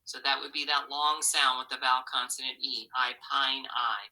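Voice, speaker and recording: Low, bright-voiced woman teaching phonics. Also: steady tone, recorded from a distance, low-quality recording. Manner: slow, encouraging, enunciates letter sounds. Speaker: literacy specialist teacher. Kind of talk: recorded phonics lesson for children.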